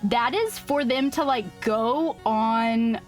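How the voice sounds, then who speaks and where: A woman streamer chatting casually on a live stream, excitable and laughing often. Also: on the high side, takes it slowly, soft background music.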